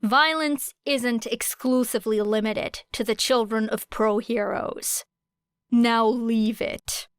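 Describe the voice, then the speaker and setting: A woman voicing a sharp-tongued, mocking teenage girl fighter in an audiobook reading, with a taunting, biting delivery. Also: on the high side, fairly even intonation, slow, clean tone, no room sound, studio quality.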